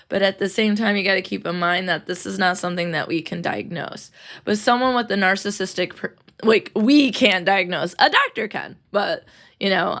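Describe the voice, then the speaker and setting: Young adult woman, casual podcast host, chatty with a fried, gravelly tone. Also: fairly low pitch, fairly bright tone. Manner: chatty, laughs often, acts out quotes.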